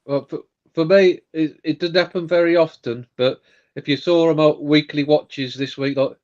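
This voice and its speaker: A man's voice: fairly high pitch, fairly even intonation, normal speed, a little mellow. A man chatting candidly on a livestream, reflective and loosely phrased. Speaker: livestream co-host. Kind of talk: casual chat. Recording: dull lo-fi call audio.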